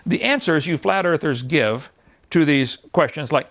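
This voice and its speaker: Animated gravelly man lecturing mockingly. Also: on the high side, measured pace. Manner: mocking, jokey and blunt, laughs at his own points. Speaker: creationist speaker. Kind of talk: folksy seminar lecture.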